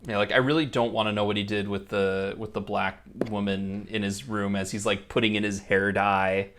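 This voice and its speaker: A man's voice: on the low side, little pitch movement, normal speed, a bit bright, slight background noise. A man co-hosting a casual film-discussion podcast, wry and laid-back. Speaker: podcast co-host.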